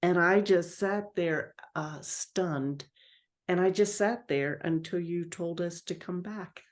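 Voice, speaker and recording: A woman's voice: lowish voice, takes it slowly. A woman in a meditation group describing her vision, telling it in a rambling way with many fillers. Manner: rambling, filler-heavy storytelling. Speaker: participant.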